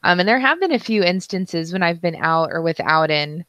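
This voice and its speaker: A young woman chats casually as a co-host, laughing often and poking fun at herself. Her voice is recorded on a close mic with a dry, flat room sound. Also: on the low side, moderate pace, clean tone, no room sound. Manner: giggly and self-deprecating, laughs often. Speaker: podcast co-host. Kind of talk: casual chat.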